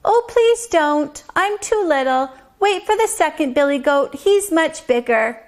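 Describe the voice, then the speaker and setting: A woman's voice: expressive, a little slow. A woman voicing the smallest billy goat in a read-aloud story, in a small pleading voice. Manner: pleading, high little voice.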